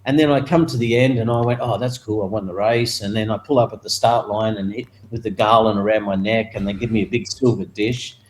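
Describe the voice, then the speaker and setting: Speaking briskly with few pauses, this retired Australian motorcycle racer, an older man, recounts a story in an interview despite poor audio. He laughs and does the other people's voices in a raised pitch, keeping things animated.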